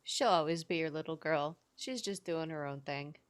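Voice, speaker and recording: A woman playing a tabletop role-play game, speaking gently and reassuringly. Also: low voice, moderate pace, clear, resonant tone. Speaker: player.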